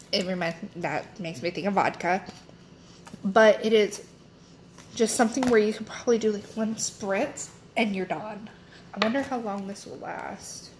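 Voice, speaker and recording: A woman's voice: medium pitch, a little hiss or hum. A young woman chatting casually as she unboxes beauty products, rambling with lots of fillers and self-corrections. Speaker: beauty vlogger.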